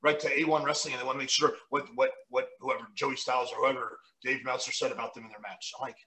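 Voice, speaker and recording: A man hosting a podcast as a pro wrestler, telling stories in a lively, excited way, recorded from a distant mic in a roomy space. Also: medium pitch. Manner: animated storyteller, quick and excited. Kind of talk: casual podcast chat.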